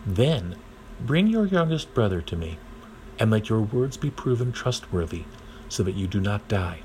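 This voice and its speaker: Stern governor guy giving orders, low voice, slow and firm man reading it out. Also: sing-song, darkish tone, slight background noise, poor audio.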